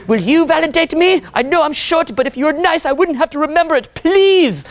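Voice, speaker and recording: A man's voice: very high voice, lively intonation, brisk, pitched above the performer's own voice. A man voicing a needy, insecure young man begging for approval in a pleading whine. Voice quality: pleading, whiny.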